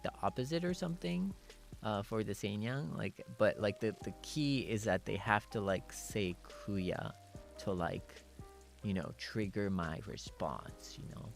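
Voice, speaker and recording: A man's voice: on the low side, creaky. A man hosting a casual chat stream, reading viewer messages in a playful, giggly way and mixing English and Japanese with cat-like "nyan" sign-offs. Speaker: streamer host.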